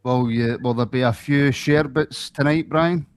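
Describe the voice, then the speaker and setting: A man's voice: medium pitch, unhurried, clear, resonant tone. A man hosting a football podcast, chatty and jokey, often repeating words. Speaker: podcast host. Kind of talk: casual podcast chat.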